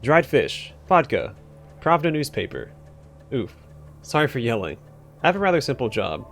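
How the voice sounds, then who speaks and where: A man voicing a nervous male clerk who keeps bursting out with shouted word lists and then apologizes. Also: medium pitch, big pitch swings, a little fast, slight background noise. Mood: twitchy.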